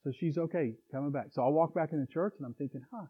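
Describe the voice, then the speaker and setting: Preacher on a tinny line. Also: male voice, a little high, fast talker, breathy edge. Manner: conversational, with chuckles and asides. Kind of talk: sermon. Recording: tinny phone-like recording.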